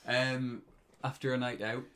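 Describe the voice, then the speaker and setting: A man's voice: mid-range voice, little pitch movement, a little slow, pushed and bright. A British man in his twenties telling a story on a casual podcast, often breaking into laughter. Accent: British English. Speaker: podcast co-host.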